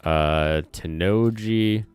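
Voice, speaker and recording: Low, unhurried man with a Southern twang. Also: clean tone, no echo. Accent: slight Southern US twang. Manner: rambling, self-correcting, reads chat aloud. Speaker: streamer and channel host. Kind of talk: casual livestream chat while planning. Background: soft lo-fi music and keyboard typing.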